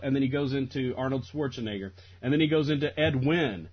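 Over dull, lo-fi audio, a podcast co-host talks casually about a movie he's reviewing, laughing often and restarting his sentences as he rambles. His voice is mid-range and slightly rough, and he talks fairly quickly.

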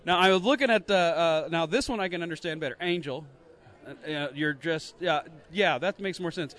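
A man interviewing guests at a convention for a podcast, jokey and energetic. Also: fairly high pitch, moderate pace.

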